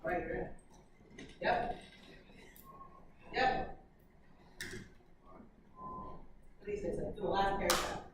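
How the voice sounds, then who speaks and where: A woman leading a group discussion about a story. She is expressive, laughs often and quotes characters with sass. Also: mid-range voice, slow, long pauses. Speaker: workshop facilitator. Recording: echoey room from far off, loud background noise.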